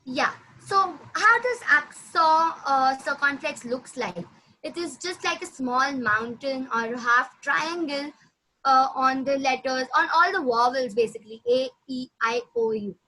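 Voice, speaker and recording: High, bright woman teaching. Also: poor audio. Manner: patient, repeats words slowly for the student. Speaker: French teacher. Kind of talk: classroom language lesson.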